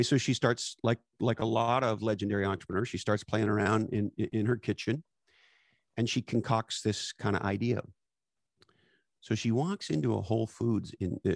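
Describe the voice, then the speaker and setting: Gravelly and creaky, a low-voiced man leads a podcast discussion, speaking bluntly and with emphasis while dropping casual curses and catchphrases. The sound is close and dry, without any echo.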